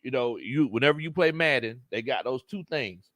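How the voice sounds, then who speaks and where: Man, sports stream host, animated delivery, dry close mic. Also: medium pitch, normal speed, no room sound. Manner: laughs often, Southern slang, animated reactions. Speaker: sports show host and coach. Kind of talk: casual livestream chat reading comments.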